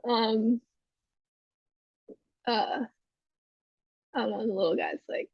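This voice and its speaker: A woman's voice: fairly high pitch, slow pace, long pauses, breathy edge, dry recording, highs cut off. A woman co-hosting a podcast, recapping a TV episode in a rambling, chatty way full of fillers. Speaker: podcast co-host. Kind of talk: casual chat recapping a TV episode.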